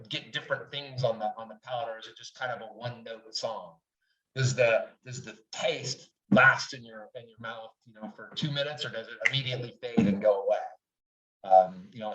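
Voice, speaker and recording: A man's voice: medium pitch, a bit bright. A middle-aged man talking as a guest in a casual interview, candid and enthusiastic, swearing freely. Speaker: guest, wine writer. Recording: distant, roomy, dull audio.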